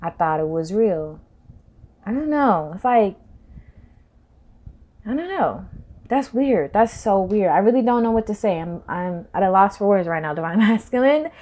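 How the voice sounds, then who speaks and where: A woman's voice: medium pitch, expressive, moderate pace, long pauses. Slangy woman giving a tarot reading. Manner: slangy, rambling, swings loud and soft. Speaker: tarot reader. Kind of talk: casual spiritual reading to camera.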